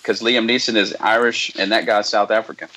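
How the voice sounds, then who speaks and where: A man's voice: fairly low pitch, steady tone, fairly quick, a loud crowd, rough recording. An American man, a strongman guest, chatting easily and laughing along. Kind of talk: casual podcast chat.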